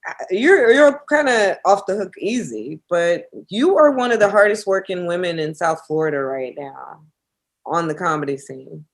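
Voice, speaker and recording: A woman's voice: fairly low pitch, lively intonation, normal speed. A woman hosting a podcast, asking easygoing follow-up questions to her guest. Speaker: podcast host. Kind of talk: casual podcast interview.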